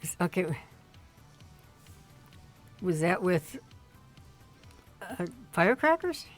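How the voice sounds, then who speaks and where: A middle-aged woman, a mother chatting casually on a livestream, halting and often restarting her sentences. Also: fairly low pitch, big pitch swings, faint music behind. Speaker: streamer's mother, guest. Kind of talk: casual family chat on a livestream.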